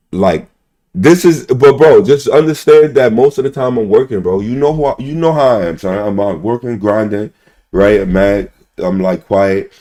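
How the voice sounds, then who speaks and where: A man's voice: fairly low pitch, mellow. A young man ranting casually to his stream chat, rambling, swearing and repeating "bro" and "son" constantly.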